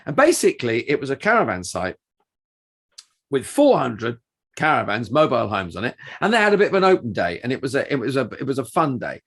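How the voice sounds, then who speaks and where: A man's voice: mid-range voice, huge pitch swings, a little fast, fairly bright tone, slightly rough. A middle-aged man co-hosting a podcast, telling anecdotes in a casual, rambling way with many restarts. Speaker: podcast co-host and performer.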